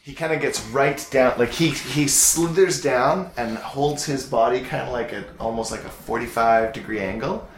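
A man running a tabletop game as dungeon master, narrating in a relaxed, rambling way. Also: medium pitch, normal speed, few pauses, slight background noise. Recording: roomy echo.

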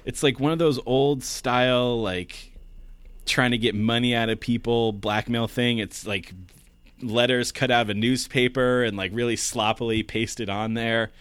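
A man's voice: medium pitch, fairly even intonation, a little slow, a bit bright, smooth, no echo. A man co-hosting a podcast in casual chat, joking and laughing often. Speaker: podcast co-host.

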